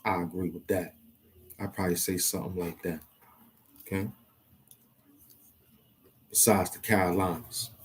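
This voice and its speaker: A man talks to himself in a loose, thinking-out-loud monologue, stopping short and circling back over the same words. His voice sits somewhat low. A faint hiss of background noise runs under the recording. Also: flat delivery, a little slow, pauses often. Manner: hesitant, repeats himself, talks to himself. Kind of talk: rambling monologue, thinking aloud.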